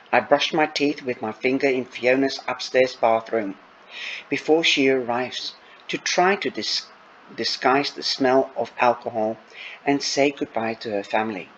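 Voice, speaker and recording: Man, audiobook narration, slow, small stumbles, dull lo-fi recording, faint hiss. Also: mid-range voice, fairly bright tone. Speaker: audiobook reader. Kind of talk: first-person audiobook narration.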